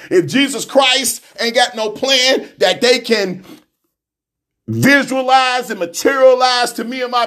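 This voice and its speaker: A man hosting a radio show, delivering a fiery, intense monologue in a preacherly, repetitive way with bursts of shouting. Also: high-pitched. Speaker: radio host.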